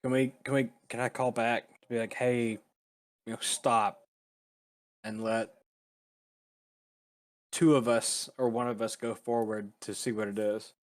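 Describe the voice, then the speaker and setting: A man's voice: mid-range voice, flat delivery, normal speed. A man playing at a tabletop game, talking casually, stammering and swearing as he goes. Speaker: player.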